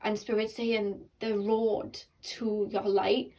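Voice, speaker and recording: A woman's voice: a little high, fairly even intonation, slow, darkish tone, slightly rough, rough recording. A young woman giving a casual, earnest tarot reading to her viewers, rambling with fillers and restarts, at times tearful. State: tearful and emotional. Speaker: tarot card reader.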